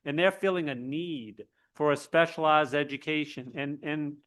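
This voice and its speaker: A man giving earnest public testimony at a hearing, halting and full of restarts. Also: a little high, a bit bright, clear, resonant tone. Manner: earnest, halting, with many restarts, turns emotional. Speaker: public commenter, state legislator.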